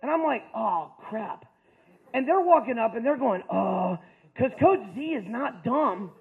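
A man with a very high voice tells a comic stand-up story, animated and jumping into his characters' voices. The sound is thin and tinny, like a phone line. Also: normal speed, breathy edge. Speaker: stand-up comedian.

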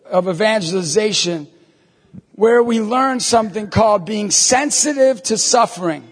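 A man in his thirties giving an emphatic evangelization talk to an audience, telling stories and breaking into shouts. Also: extremely high pitch, slightly rough. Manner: emphatic, storytelling, bursts into shouts. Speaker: Catholic evangelist speaker. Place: large hall before an audience. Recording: long reverb of a hall.

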